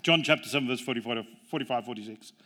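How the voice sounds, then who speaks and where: A man's voice: medium pitch, very fast, sharp tone. A man preaching a sermon as pastor, mixing jokes and family stories with emphatic, rising points. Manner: jokey, storytelling preacher with emphatic rises.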